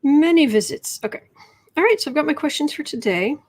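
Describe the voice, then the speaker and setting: Chatty woman reading tarot, rather high voice. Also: expressive, fairly quick, a little mellow. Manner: chatty, rambling, drops to whispered asides. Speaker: tarot reader. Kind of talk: casual livestream tarot reading.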